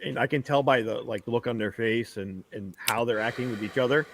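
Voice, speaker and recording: A man's voice: medium pitch, a little fast, a bit bright, slight background noise. A man co-hosting a podcast, asking questions and chatting in an easygoing, profane way. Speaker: podcast co-host. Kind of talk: casual chat.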